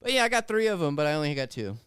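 A man's voice: on the high side, sing-song, rapid-fire, fairly bright tone, smooth, dry recording, clean studio sound. A laid-back man on a podcast telling a story and swearing freely. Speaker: podcast co-host. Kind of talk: casual chat, storytelling.

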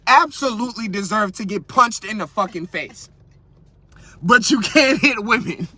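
Young male podcast host; crude, lively comic rant full of rhetorical questions; bright tone, dry sound. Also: high voice, slow pace, long pauses, slightly rough, no room sound. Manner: crude, animated, keeps asking rhetorical questions. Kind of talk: casual comedic rant. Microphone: podcast mic.

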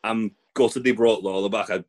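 A man's voice: fairly low pitch, fairly even intonation, normal speed, a little mellow, breathy edge. A young man co-hosting a casual chat, recapping matches in a blunt, laid-back, sweary way. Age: young adult. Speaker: podcast co-host.

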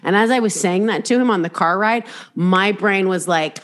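In a casual podcast chat, a woman with a mid-range voice talks at a moderate pace. Her storytelling is animated, full of acted-out inner voices, and she swears liberally while rambling and breaking off to restart sentences.

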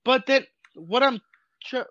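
A young man from the United States talks in a high, sharp-edged voice. He rambles and hedges constantly with "like". The sound is dry and close. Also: expressive, a little slow, no room sound, lo-fi sound. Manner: rambling, hedging with "like". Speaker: participant. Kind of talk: casual chat.

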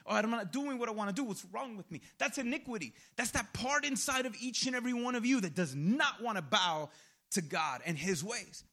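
A man's voice: high voice, moderate pace, sharp tone. A male pastor preaching a sermon in a casual, conversational way, full of slang and personal stories, acting out his own reactions.

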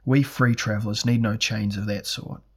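A man's voice: lowish voice, steady tone, normal speed, husky. A man voicing a smiling albino sorcerer lord who speaks politely, with dry irony.

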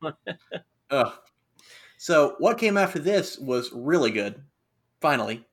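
A young man co-hosting a casual wrestling recap podcast, animated and quick to laugh. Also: fairly high pitch. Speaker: podcast co-host.

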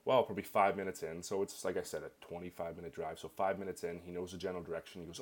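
Brief: young Canadian man, deep voice, rattles off an anecdote quickly. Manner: rambling, filler-heavy, animated. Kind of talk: casual personal storytelling.

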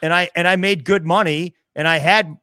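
A man's voice: sits high, normal speed, dry recording, clean studio sound. Fifty-something man telling comedy stories. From American Midwest. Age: 50s. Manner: animated storyteller acting out dialogue in other voices. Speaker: guest comedian. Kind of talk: casual storytelling chat.

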